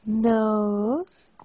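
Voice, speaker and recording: Woman parent, slow and husky, coaxing single words, dull lo-fi home video. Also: fairly high pitch, mellow. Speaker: parent teaching a baby words. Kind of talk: home video talking to a baby.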